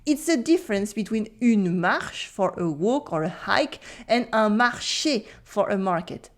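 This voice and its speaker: A woman whose first language is French, teaching a language lesson and repeating example words slowly and clearly. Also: medium pitch, expressive.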